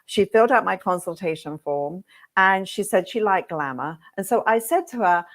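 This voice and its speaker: A middle-aged woman teaching hairdressers in a webinar, telling stories with lively, acted-out reactions. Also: medium pitch, normal speed. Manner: lively, animated storyteller who acts out her own reactions. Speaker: hairdressing educator hosting a webinar. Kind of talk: webinar talk with storytelling.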